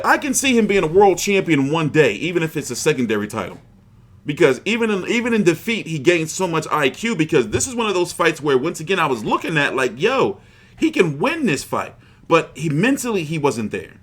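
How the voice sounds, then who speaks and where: A man's voice: a little high, big pitch swings, moderate pace, fairly bright tone. A man hosting a boxing livestream, chatting casually in a rambling, profane, frustrated way.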